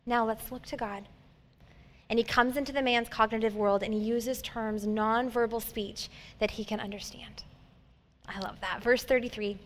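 A woman in her thirties giving a heartfelt, conversational sermon, swinging from loud emphasis to soft near-whispers. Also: on the high side, steady tone, moderate pace. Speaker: pastor. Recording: long hall reverb.

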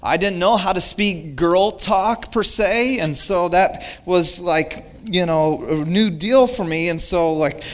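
Middle-aged guy preaching, fairly high voice, acts out both sides of a spat. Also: takes it slowly, hardly any pauses. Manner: animated storytelling, acts out both sides of arguments. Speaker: pastor. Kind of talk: sermon.

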